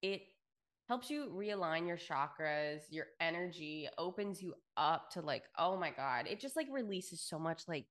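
A woman's voice: fairly low pitch, lively intonation, a little slow, fairly bright tone. A woman co-hosting a podcast in casual chat, effusive and full of fillers and swearing. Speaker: podcast co-host.

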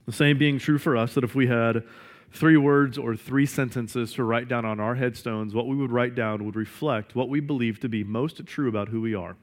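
A man's voice: mid-range voice, fairly even intonation, normal speed. A man preaching a sermon, reading scripture aloud, explaining it and asking his listeners rhetorical questions. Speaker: pastor.

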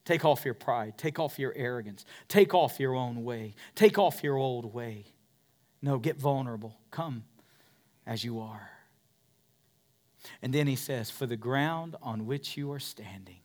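A man preaching a sermon as pastor of a church, dropping to whispers and rising to loud peaks. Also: mid-range voice, measured pace. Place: church in a converted warehouse.

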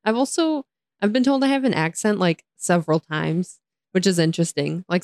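Woman, American accent, young adult, podcast co-host, giggly, jokey, lowish voice, dry mic. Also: expressive, normal speed, darkish tone, no echo. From United States. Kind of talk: casual chat.

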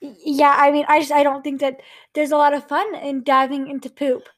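A woman's voice: high-pitched, flat delivery, a little fast. A woman interviewing in an improvised comedy sketch, skeptical and hesitant, often stammering.

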